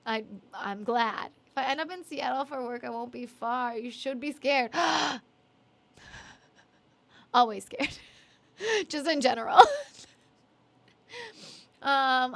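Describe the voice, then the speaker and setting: Giggly teary high-voiced woman streamer. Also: a bit bright. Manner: giggly, emotional, apologetic. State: teary and yawning. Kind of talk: casual chat reading viewer messages.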